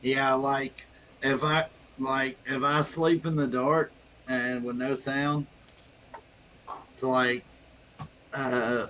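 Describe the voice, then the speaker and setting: A man, a ghost hunter, co-hosting a casual chat. He talks haltingly and often starts his sentences over. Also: medium pitch, flat delivery, bright, forceful tone, slight background noise, rough recording.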